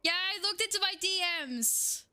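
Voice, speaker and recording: A young woman streaming live, chatting excitedly with her viewers, swearing and laughing often. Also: very high voice, moderate pace, no echo. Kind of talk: casual live-stream chat.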